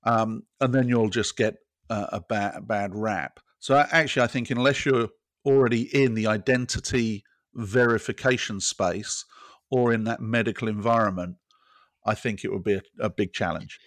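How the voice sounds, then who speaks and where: A man's voice: lowish voice, steady tone, moderate pace, dry recording, studio quality. A British man talking as a technology guest, explaining scenarios step by step in casual conversation. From Britain. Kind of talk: casual interview chat.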